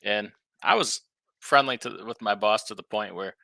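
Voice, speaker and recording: A man's voice: fairly low pitch, moderate pace, gravelly, bright, forceful tone, dry recording. A man, a guest on a live talk show, telling a funny story with chuckles and repeated words.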